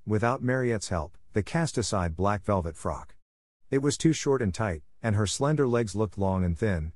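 A man narrating a classic novel aloud in a calm, even storytelling manner. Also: fairly low pitch, no room sound, clean studio sound. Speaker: audiobook narrator.

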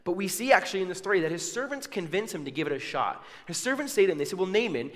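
A man delivers a sermon in a storytelling way, acting out the characters' words with casual asides. His voice sits slightly high for a man. A long hall reverb trails every line. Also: big pitch swings, very fast. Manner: storytelling with acted-out quotes and asides. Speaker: preacher.

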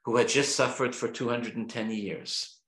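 A man, a rabbi teaching a Torah class, speaking in an animated, emphatic way with rhetorical questions and frequent restarts. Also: medium pitch, normal speed. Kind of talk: lecture-style Torah class. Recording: roomy echo.

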